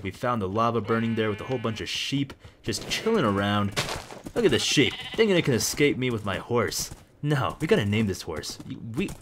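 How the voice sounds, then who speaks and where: Young man, low voice, excitable rambling game commentary, faint clicking behind. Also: background noise. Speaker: gaming video host. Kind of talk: casual let's-play commentary.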